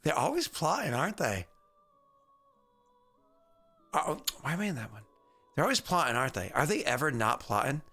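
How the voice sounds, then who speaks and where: A man's voice: on the high side, very animated, brisk, long pauses, pushed and bright, faint music behind. A man running a tabletop game as game master, chatty and rambling, with many fillers.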